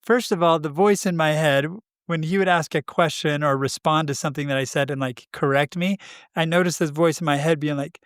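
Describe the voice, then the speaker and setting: A man co-hosting a podcast, telling a story in a casual, animated way, acting out quoted dialogue and laughing often. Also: fairly high pitch, fairly quick, clear, resonant tone, no room sound, studio quality. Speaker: podcast co-host.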